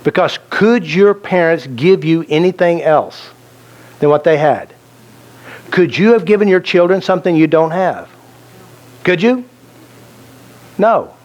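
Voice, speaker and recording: A man's voice: a little high, expressive, unhurried, long pauses, darkish tone, lo-fi sound. A man teaching a self-help seminar, telling anecdotes and joking, asking the audience questions. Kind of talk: live seminar talk to an audience.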